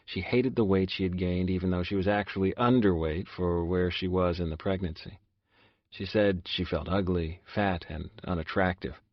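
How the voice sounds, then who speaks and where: A man's voice: sits low, steady tone, normal speed, no room sound, highs cut off. A man narrating a first-person audiobook in a subdued, confessional way.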